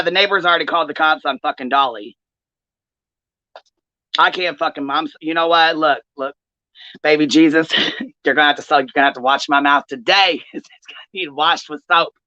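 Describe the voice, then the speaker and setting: Female stream host, heated profane rant, sharp tense tone, muffled dry stream audio. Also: deep voice, normal speed, pauses often, no room sound. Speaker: livestream commentary host. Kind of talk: angry livestream commentary.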